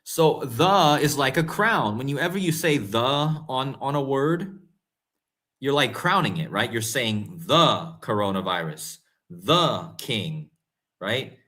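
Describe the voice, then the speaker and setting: A man hosting casual conspiracy commentary, talking straight to his viewers and growing excitable and incredulous. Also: medium pitch, slow. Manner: excitable, rising to incredulous emphasis; talks to viewers directly, often calling them guys and folks. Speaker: host.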